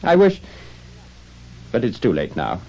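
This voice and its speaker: A man voicing a miserly old man, speaking in halting, emotional exclamations in a storybook reading. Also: medium pitch, wildly swooping pitch, a little mellow, exaggerated voice. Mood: wistful. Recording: dull lo-fi recording.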